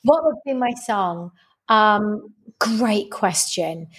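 A woman talks as a guest on a podcast, spinning stories with animation and acting out the lines of the people in them. Her voice sits at an everyday middle pitch. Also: slow, husky. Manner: animated storyteller who acts out quoted dialogue. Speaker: guest, dating and relationship coach. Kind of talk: casual podcast interview.

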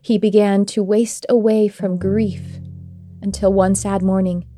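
A woman host narrating an old myth in a gentle, measured storytelling style. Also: medium pitch, little pitch movement, faint music behind.

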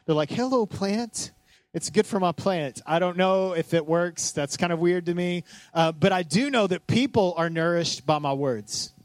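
Guy preaching, high voice, dry close sound, jokes around and asks the crowd stuff. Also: no echo. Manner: conversational, joking, asks the congregation; acts out scripture scenes in voices. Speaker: pastor. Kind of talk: sermon.

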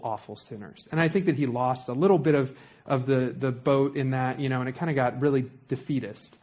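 A man's voice: mid-range voice, a little mellow. A young man preaching a sermon in a conversational way, with joking asides to the congregation.

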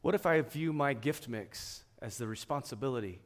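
A man preaching a sermon, swinging between emphatic, raised passages and quiet, hushed ones. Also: mid-range voice, expressive, moderate pace. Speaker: pastor.

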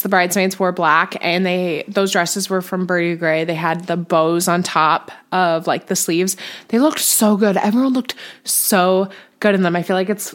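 A woman's voice: medium pitch, a bit bright. A young woman hosting a podcast in casual chat, gushing and chatty, with lots of "like" fillers. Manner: chatty, gushing, says "like" often. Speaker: podcast host.

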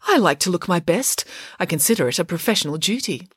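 A woman's voice: lowish voice, sing-song, quick pace, breathy edge, dry recording, clean studio sound. A woman voicing a haughty, lazy middle-aged female teacher with a grand, self-satisfied manner.

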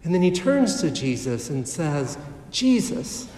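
A pastor delivering a sermon, speaking in a slow, measured way with dramatic pauses. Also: male voice, on the high side, big pitch swings, mellow, slight background noise. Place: church sanctuary. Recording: echoey hall heard from a distance.

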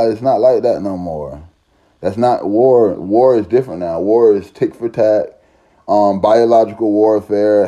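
A man's voice: fairly low pitch, dark tone. A man, talking in a profane, rambling, emphatic casual monologue. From Southern United States.

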